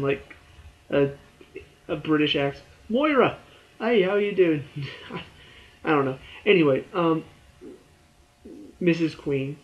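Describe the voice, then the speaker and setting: A young man giving a rambling, excitable spoken review of a TV show, full of fillers. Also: a little high, creaky, lo-fi sound.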